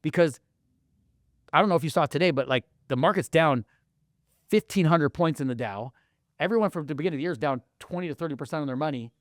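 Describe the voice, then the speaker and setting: A fired-up man talking on a podcast, his voice sitting a touch high for a man. He is emphatic and pumped, now and then jumping up to a shout. The sound is dry and close. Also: fast talker, dry recording. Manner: hyped, emphatic, bursts into shouting. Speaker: podcast co-host. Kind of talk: casual podcast chat.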